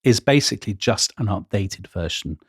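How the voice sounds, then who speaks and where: A man's voice: fairly low pitch, lively intonation, moderate pace, breathy edge, no room sound, clean studio sound. A man, co-hosting a history podcast, telling stories with enthusiasm and quoting old accounts with gusto. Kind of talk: storytelling history chat.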